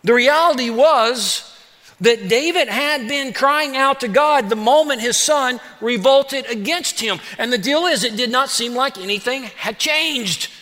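Pastor, male, high voice, preaching with energy in a reverberant church hall. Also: unhurried. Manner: animated, acts out David's pleas in casual voice. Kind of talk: sermon.

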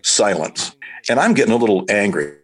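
A man's voice: fairly low pitch, sing-song, fairly quick, breathy edge. An older man, a radio broadcaster, telling career anecdotes casually and acting out the quoted voices. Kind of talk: casual storytelling.

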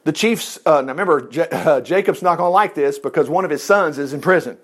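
A man reading a Bible story aloud and breaking in with folksy, animated commentary to his listeners. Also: fairly high pitch, quick pace. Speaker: Bible teacher.

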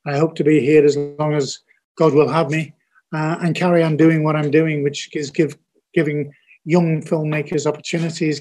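A man's voice: a little high, darkish tone. Older Scouse man, earnest and blunt. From Liverpool, England. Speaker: TV producer guest. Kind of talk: podcast interview.

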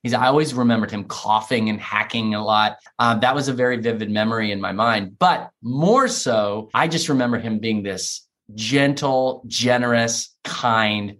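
A man's voice: medium pitch, moderate pace, few pauses, fairly bright tone. Earnest middle-aged man telling a story. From United States. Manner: earnest, heartfelt, emotional retelling. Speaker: author, guest. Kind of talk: personal storytelling in an interview.

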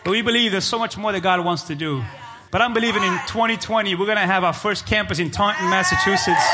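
A man preaching as pastor, moving between shouted, rising climaxes and quieter prayer passages. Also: high-pitched, quick pace, hardly any pauses, a loud crowd, very noisy. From Cape Verde. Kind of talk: sermon. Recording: live church hall with music and congregation.

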